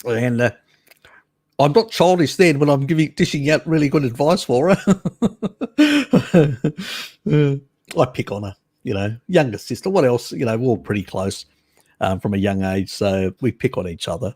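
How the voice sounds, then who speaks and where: A man's voice: medium pitch, animated, normal speed, a little mellow. A man hosting a casual live stream, chatting with viewers in a teasing, cheeky way and laughing often.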